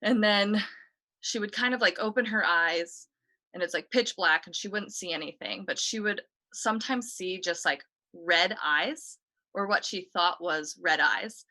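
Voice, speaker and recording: A woman's voice: mid-range voice, unhurried, pushed and bright. A woman, a guest on a talk show, casually recounting a story in a chatty way, full of "like" and "you know". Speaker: guest telling a ghost story.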